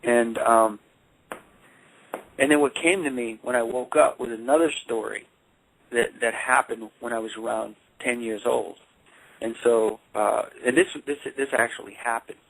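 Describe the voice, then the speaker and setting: A man working as a life coach and counselor, telling a personal story in a phone interview with halting speech and frequent repeated words. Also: medium pitch, fairly even intonation, gravelly, fairly bright tone, rough recording.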